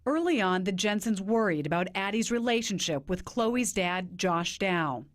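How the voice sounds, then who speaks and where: A woman reporter narrating a television news story in a measured, even delivery. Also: mid-range voice.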